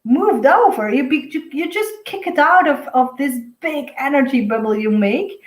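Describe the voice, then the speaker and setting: A woman's voice: high-pitched, lively intonation, moderate pace, echoey room, low-quality recording. A woman, a native Dutch speaker, giving a rambling, chatty spiritual guidance talk as an intuitive reader, laughing often.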